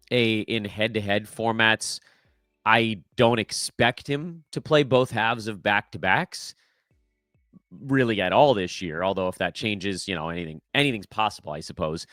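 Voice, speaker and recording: A middle-aged man hosts a casual sports podcast in a low voice that swings widely in pitch. He talks in a wry, self-deprecating, chatty way, full of "uh"s, close on the mic in a dry, dead room. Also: a bit bright, no room sound. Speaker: podcast host. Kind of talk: casual fantasy basketball podcast.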